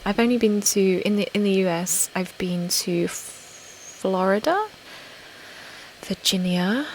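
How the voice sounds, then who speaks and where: A young British woman, host of an ASMR channel, chatting casually on a live stream and reading viewer comments aloud, often slipping into a soft whisper. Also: lowish voice, a little hiss or hum, rough recording. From Britain.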